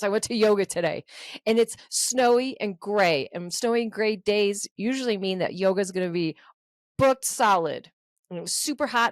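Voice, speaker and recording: A woman co-hosting a podcast, telling a story in an animated way and swearing freely. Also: medium pitch, no room sound. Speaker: podcast co-host. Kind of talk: casual chat.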